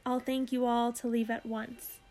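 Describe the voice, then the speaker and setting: A woman's voice: fairly high pitch, little pitch movement, a little slow, mellow, soft background music. A woman reading aloud as a feisty, stubborn little male leprechaun with old-fashioned phrasing. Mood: indignant.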